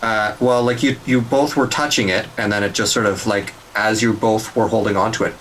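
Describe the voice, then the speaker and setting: A man with a fairly low voice runs a tabletop game, explaining events with halting fillers. Faint background noise is audible. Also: steady tone, fairly bright tone, low-quality recording. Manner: hesitant, many fillers while explaining rules. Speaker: game master.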